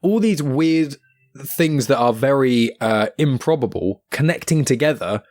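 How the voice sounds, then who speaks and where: A man's voice: mid-range voice, expressive, unhurried, a little mellow, no echo, clean studio sound. A man with a Southern English accent, hosting a podcast interview in a rambling, friendly way. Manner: rambling, many restarts and fillers, friendly. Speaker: podcast host. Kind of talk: casual interview chat.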